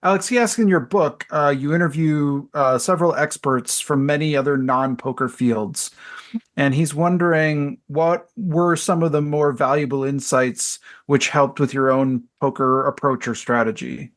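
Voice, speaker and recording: A man with a somewhat high voice co-hosts a podcast. He reads viewer questions aloud, pausing often on "uh" as he goes. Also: fairly even intonation. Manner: hesitant, with "uh" fillers while reading questions. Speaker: podcast co-host reading chat questions. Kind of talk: podcast conversation.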